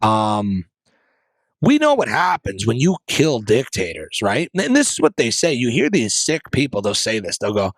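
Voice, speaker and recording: A man's voice: mid-range voice, wildly swooping pitch, normal speed, no room sound. A man hosting his own podcast, giving impassioned political commentary full of rhetorical questions and mocking asides. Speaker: podcast host. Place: basement studio.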